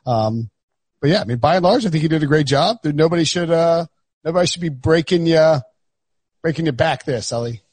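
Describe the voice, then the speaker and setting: A man's voice: on the high side, animated, a little fast, a little mellow, slightly rough, no echo. A man hosting a sports podcast in casual, joking chat that rambles with restarts. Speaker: podcast host.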